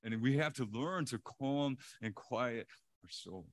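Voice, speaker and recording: A male pastor preaching a sermon in an animated way, chuckling often and repeating words for emphasis. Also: mid-range voice, a little slow, dry recording.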